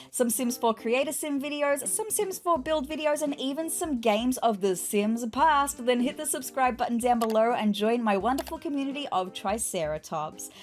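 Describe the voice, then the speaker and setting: A woman YouTuber giving excitable, giggly commentary while playing a life-simulation game. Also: a little high. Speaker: gaming YouTuber. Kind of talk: let's play commentary.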